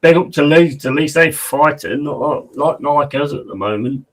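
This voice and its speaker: Pitched on the high side and talking at normal speed, a man runs a football watch-along. His style is laddish and chatty: he narrates the game loosely, reads the chat out loud and responds to it.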